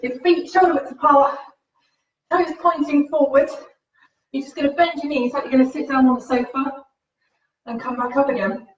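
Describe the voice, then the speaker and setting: A woman fitness instructor leads a live-streamed home workout mixed with faith reflection, upbeat and encouraging and a little out of breath as she exercises while she talks. Her voice sits high with a steady tone, at a moderate pace with frequent pauses. The livestream audio sounds roomy, distant and dull.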